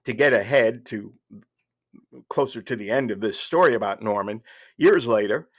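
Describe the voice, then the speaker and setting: A man in his sixties tells a true story in a casual monologue. His voice sits a bit low. He rambles through asides and restarts with a wry tone. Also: moderate pace. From New Jersey. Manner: wry, digressive, with fillers and restarts. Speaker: podcast host.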